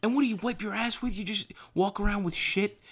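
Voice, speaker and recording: A man, a guest comedian on a podcast, telling profane stories with loud disbelief. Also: sits high, a little fast. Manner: incredulous, profane storytelling. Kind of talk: casual comedic chat.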